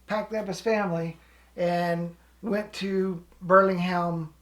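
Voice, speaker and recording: A woman's voice: fairly low pitch, fairly even intonation, slow. A woman casually telling a story in a chatty, rambling way, with frequent restarts. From living in Alaska. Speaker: co-host.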